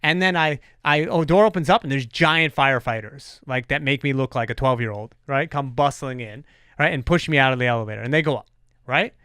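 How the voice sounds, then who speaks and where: A man hosting a podcast, telling stories in a casual, profane, animated way. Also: medium pitch, fairly quick, smooth, no room sound, clean studio sound. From New York. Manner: animated storyteller, swears freely. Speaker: podcast host.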